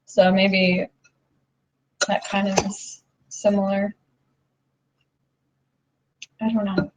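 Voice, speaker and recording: A woman's voice: medium pitch, monotone, extremely slow, darkish tone, slight background noise, poor audio. A young woman in casual chat, talking loosely with lots of "like" and easy laughter. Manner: chatty, full of "like", laughs often.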